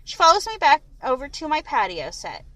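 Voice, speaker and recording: A woman reading a first-person novel aloud in an expressive, lively way. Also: sits high, a little fast, low-quality recording. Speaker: audiobook reader.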